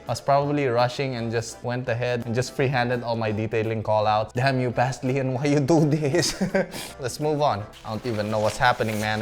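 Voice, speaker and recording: A young man from the Philippines, casually talking through his old school work, chatty and self-mocking with frequent laughs. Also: medium pitch. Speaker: vlogger.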